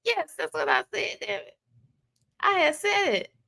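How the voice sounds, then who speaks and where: Slow, lively-voiced woman livestream host. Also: very high voice, gravelly. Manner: greets viewers by name, chatty and drawling. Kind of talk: casual livestream chat.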